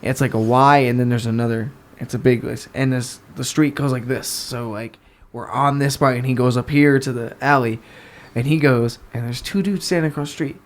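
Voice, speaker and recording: A man's voice: medium pitch, moderate pace. A young man from the New York area, a podcast guest telling a story in casual talk, swearing and acting out the people in it. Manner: animated, swearing, acts out voices in his stories.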